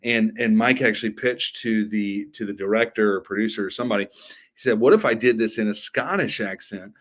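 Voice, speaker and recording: A man on a podcast, a guest who tells stories in an excited, chatty way. His voice often jumps up in pitch as he gets into it, and "like" and "man" keep coming up. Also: brisk. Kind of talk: casual podcast chat.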